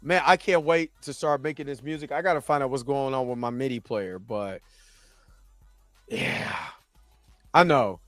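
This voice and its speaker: A man's voice: mid-range voice, moderate pace, pauses often, fairly bright tone, no echo, faint music behind. A man hosting a casual livestream, reading chat and talking in a laid-back, chatty way. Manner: laid-back, chatty, often laughing and trying voices.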